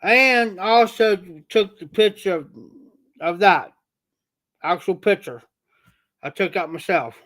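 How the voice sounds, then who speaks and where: A man with a southern Ohio accent chatting casually on a livestream, slow and rambling in a folksy way. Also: high voice, animated, a bit bright. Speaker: livestream host.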